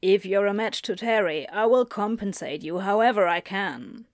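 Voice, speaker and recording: Woman reading as a halting, earnest doctor. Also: mid-range voice, no echo, studio quality, natural voice. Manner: halting, apologetic. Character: earnest middle-aged male doctor, hesitant father.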